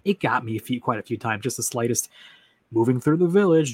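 A man chatting casually about a video game, retelling moments with animated acted-out lines. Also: medium pitch, fairly quick, no room sound. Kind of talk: casual game discussion chat.

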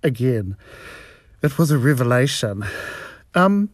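A man's voice: mid-range voice, sing-song, takes it slowly, no echo, studio quality. A man from New Zealand with a New Zealand accent, telling a personal story in a profane, frank and wry way.

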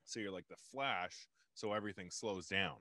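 A man's voice: low-pitched, moderate pace, sharp tone, dry recording, studio quality. A young man co-hosting a podcast, chatting in a laid-back, rambling way with many hesitations. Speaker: podcast co-host. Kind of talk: casual chat.

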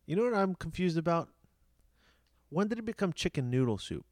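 A man's voice: a little high, big pitch swings, fairly quick, a little mellow, no room sound, clean studio sound. A man in casual chat, laughing easily and defending his side playfully.

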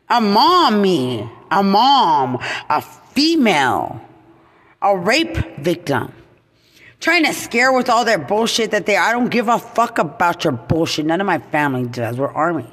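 A woman veteran in an angry, profane rant, repeating accusations and at times breaking into shouts. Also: medium pitch, very animated, a little slow. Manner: furious, swearing, repetitive accusations, shouting at times. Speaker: military veteran. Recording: long echoing reverb.

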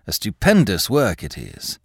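A man's voice: fairly low pitch, huge pitch swings, measured pace, slightly rough, no room sound, clean studio sound, heavily acted. A man voicing a pompous, absent-minded older scholar who swings between grandeur and irritation. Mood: grandiose. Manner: grandiose then irritable and dazed.

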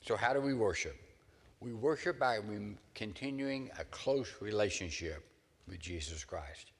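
A man's voice: lowish voice, lively intonation, unhurried, breathy edge. Male pastor preaching in a reverberant hall. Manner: earnest preaching with dramatic scripture readings. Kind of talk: sermon.

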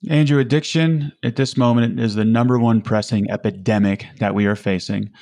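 A man's voice: medium pitch, steady tone, moderate pace, darkish tone, no echo. A man speaking as a podcast guest, earnest and emphatic, often restarting his sentences. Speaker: podcast guest, recovery community founder. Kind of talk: conversational interview.

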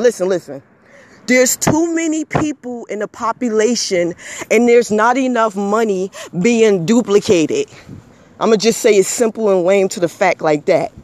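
High-voiced man in a fired-up rant. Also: darkish tone. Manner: emphatic, repetitive, scolding; swears when emotional. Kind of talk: heated monologue rant.

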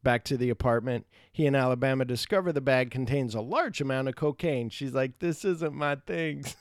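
A man's voice: mid-range voice, normal speed, dry recording. Casual profane man recapping a film. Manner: profane, animated retelling of scenes. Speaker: podcast co-host. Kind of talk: casual movie chat.

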